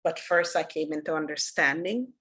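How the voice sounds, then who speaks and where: A woman with a fairly low voice gives an unhurried, earnest dharma talk. She leads her workshop as a spiritual teacher and tells the story at a steady pace. She goes soft and quiet at its solemn turns. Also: slightly rough, rough recording.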